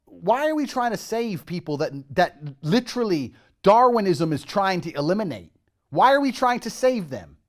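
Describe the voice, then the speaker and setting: A man giving a brash, profane, mocking rant. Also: sits high. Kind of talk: ranting monologue. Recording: speech with music mixed in. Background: music.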